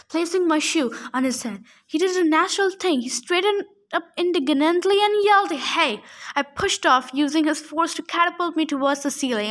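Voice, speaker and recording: High-voiced woman reading a story aloud. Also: a bit bright. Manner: casual, adds joking asides. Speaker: audiobook reader. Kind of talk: first-person story narration.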